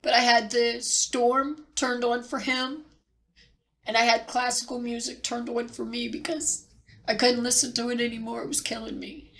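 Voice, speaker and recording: A middle-aged woman telling a personal story near tears, halting and repeating herself with pauses. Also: a little high, flat delivery, creaky, a bit bright. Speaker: vlogger sharing personal loss. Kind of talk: tearful personal account.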